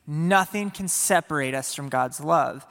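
A man with a high, bright, ringing voice delivers an energetic, playful sermon and keeps turning to the congregation. His words hang in the long reverb of a large church sanctuary. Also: a little slow, vocal fry. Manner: energetic, playful, speaks to the audience. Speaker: pastor.

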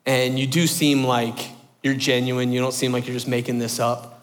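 A man voicing a stern female college professor in a flat, firm, measured way while telling a story in an echoey hall. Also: medium pitch, a little hiss or hum, pitched below the performer's own voice, close to an everyday voice. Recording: echoey hall with long reverb.

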